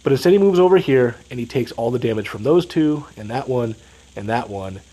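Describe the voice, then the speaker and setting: A man's voice: medium pitch, expressive, fairly quick, warm tone, rough recording. Stuffed-up man commenting on gameplay. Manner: analytical, explaining moves step by step. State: stuffed up, sniffling. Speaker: strategy game commentator.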